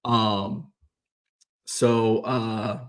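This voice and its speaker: A man's voice: on the low side, flat delivery, extremely slow, clean tone. A man hosting a vlog, talking casually from his car, rambling and swearing freely as he complains. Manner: rambling, profane, exasperated ranting. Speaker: vlog host.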